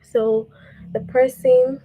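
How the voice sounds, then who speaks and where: Woman teacher talking slow to little kids, mellow voice, keeps saying okay. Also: sits high, level tone, breathy edge, rough recording. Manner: patient, repeats "okay?" often, reads example sentences aloud. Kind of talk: online grammar lesson for young children.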